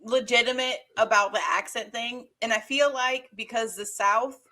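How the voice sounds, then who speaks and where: Chatty, bright-voiced woman from Georgia. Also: a little high, normal speed. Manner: chatty, animated, swears. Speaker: podcast co-host. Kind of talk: casual movie review chat.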